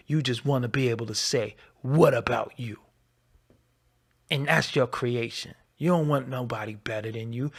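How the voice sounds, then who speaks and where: Channel host, man, gravelly voice, scolding rant, mid-pitched. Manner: confrontational, scolding, swings from loud to low. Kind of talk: ranting commentary to camera.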